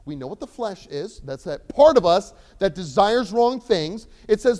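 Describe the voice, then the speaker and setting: A young man preaching a sermon, animated, swinging between loud emphasis and quiet asides. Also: high voice, moderate pace. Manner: acts out voices of characters in the sermon.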